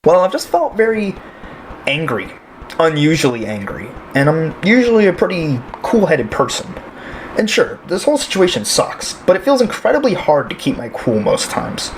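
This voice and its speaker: A man's voice: on the high side, very animated, normal speed, slight background noise. A man playing a quarantined patient who grows uneasy and furious, in an amateur audio drama. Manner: uneasy, then bursts into shouting rage.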